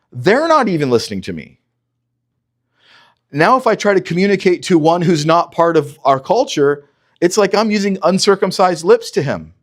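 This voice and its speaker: Animated male preacher teaching scripture. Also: on the high side. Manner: animated teaching, urges listeners to read verses critically. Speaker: pastor. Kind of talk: expository sermon.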